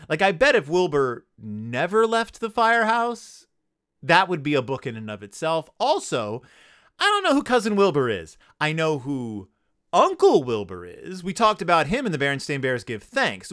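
Male podcast host, sarcastic riffing recap, animated pitch, slightly high voice. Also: normal speed, clear, resonant tone, dry recording, studio quality. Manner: sarcastic, riffing, acts out characters. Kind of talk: comedic book recap.

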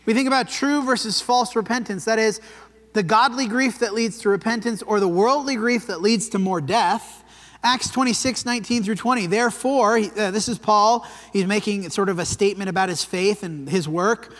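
Preaching in a long-reverb church hall, this man talks in a conversational way, regularly tossing out "right?" to his listeners. His voice is high and a bit bright, at a moderate pace.

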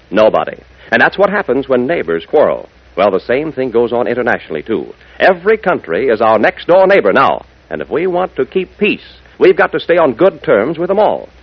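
A man's voice: medium pitch, husky, no room sound. Folksy man announcing on old radio. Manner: folksy, upbeat, addresses listeners as gang. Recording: muffled old radio broadcast.

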